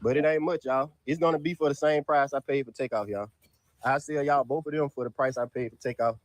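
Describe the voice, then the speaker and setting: A man's voice: medium pitch, fairly even intonation, brisk, dry recording. A man talks casually, selling his dogs. His voice sounds close and dry, with no room around it. He keeps tossing "y'all" to the viewers in a loose, rambling drawl. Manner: drawls "y'all" constantly, Southern US dialect. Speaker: dog breeder selling dogs. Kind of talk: casual sales pitch to viewers. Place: outdoors in a yard.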